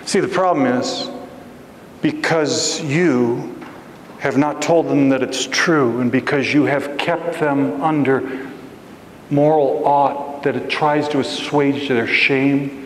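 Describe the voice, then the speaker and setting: A man giving a storytelling sermon as a guest preacher, animated and acting out voices in his story, recorded in a church sanctuary. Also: mid-range voice, slight background noise. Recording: echoey church hall with faint ambience.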